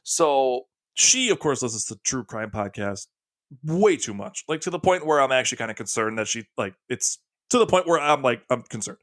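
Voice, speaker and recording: A man's voice: medium pitch, lively intonation, moderate pace, fairly bright tone, no room sound. A man co-hosting a podcast who tells stories in a joking, rambling way. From United States. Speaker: podcast co-host. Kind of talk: casual chat.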